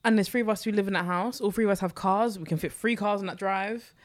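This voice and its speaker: A young woman with a London accent, a podcast guest chatting casually about personal finance and telling stories in animated bursts. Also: medium pitch. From East London. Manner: animated storyteller, rapid bursts with sudden slow emphasis. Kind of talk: casual chat.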